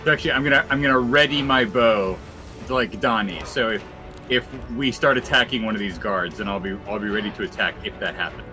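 A man's voice: fairly low pitch, fairly quick, music in the background. A man playing a tabletop game, thinking aloud tentatively about his turn. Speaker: player. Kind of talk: casual tabletop play.

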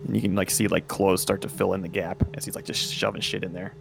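A man with a gravelly voice running a tabletop role-playing game, hesitating and rambling as he describes the scene. Quiet music plays behind. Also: deep voice, level tone, quick pace. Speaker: game master.

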